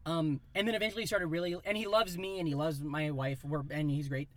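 A man in his thirties from Iowa, telling a rambling, animated story in a casual chat. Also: a little high, quick pace. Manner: animated, rambling, acts out voices in quotes.

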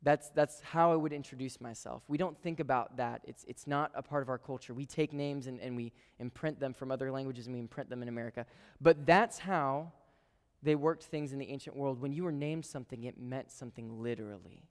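A man preaching a sermon to a live congregation, conversational and playful, with quick asides to the room. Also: mid-range voice. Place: church sanctuary with a live congregation. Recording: long reverb of a large hall.

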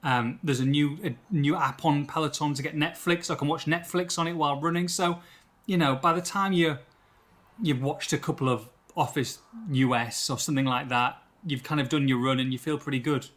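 A man hosting a football podcast, full of energy and quick to tease his co-host. His voice sits fairly high, and he talks in an upbeat, excitable casual chat.

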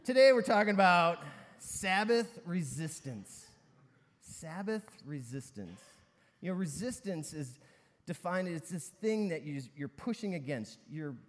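Casual male pastor, fairly high voice, long reverb from a large hall. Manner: conversational storytelling with many fillers. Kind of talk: sermon.

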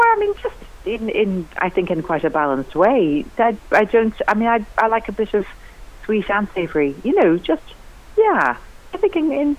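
Chatty woman cook on lo-fi radio. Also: mid-range voice. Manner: chatty, enthusiastic, lively rising emphasis. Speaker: cookery writer and TV cook, guest. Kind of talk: radio interview chat. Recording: lo-fi radio broadcast.

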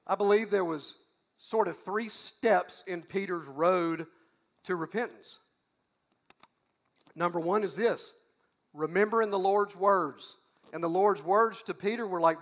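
A pastor preaching in a high, gravelly voice. His delivery is folksy and emphatic, and he leans on repeated questions to drive each point home. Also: unhurried. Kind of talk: sermon.

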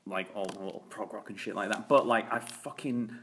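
A man's voice: fairly low pitch, a little fast, fairly bright tone, slight background noise. A man co-hosting a podcast, rambling casually and swearing freely. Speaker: podcast co-host. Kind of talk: casual chat.

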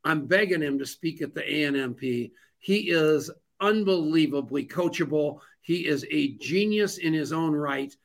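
A man's voice: on the high side, moderate pace, hardly any pauses. A man hosting a radio talk show, gushing and joking with his guest.

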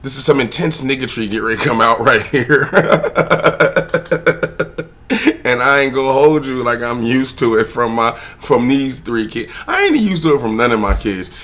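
A man's voice: medium pitch, lively intonation, normal speed. A man telling a rambling, profane story straight to the camera, drifting into a heated rant. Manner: swears freely, digresses, rants loudly at times. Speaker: father talking to camera.

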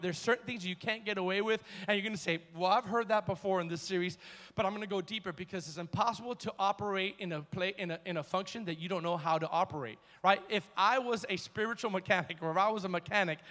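A man preaching a sermon to his church, emphatic, rising to shouts and dropping to quiet asides. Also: sits high, big-room sound. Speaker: pastor. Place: church hall.

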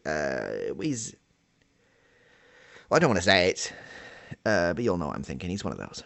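Stammering, blustering host. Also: male voice, low voice, huge pitch swings, normal speed, creaky, pauses often, a bit bright. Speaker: comedy podcast host. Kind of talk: improvised comedy chat.

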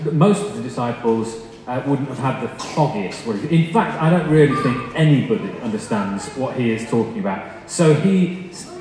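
A young man with a medium-pitched, slightly mellow voice preaches a sermon built on storytelling, sharing funny anecdotes at his own expense in a chatty way before turning to the scripture. Long reverb from an echoey hall and faint noise are audible.

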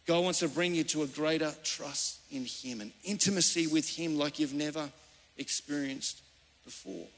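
A man's voice: a little high, moderate pace. A man, a pastor giving a sermon in an earnest, conversational storytelling way. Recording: reverberant church hall.

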